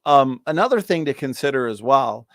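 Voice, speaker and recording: A man's voice: medium pitch, animated, normal speed, no echo, clean studio sound. A man co-hosting a live stream over a video call, methodically walking through data point by point. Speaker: co-host. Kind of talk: live-stream apologetics talk.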